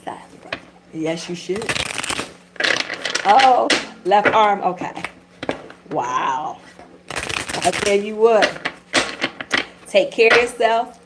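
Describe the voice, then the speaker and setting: A woman's voice: medium pitch, lively intonation, very slow, long pauses, very noisy. Chatty woman, casual livestream talk. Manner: chatty and candid, with swearing and vernacular. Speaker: tarot reader and channel host.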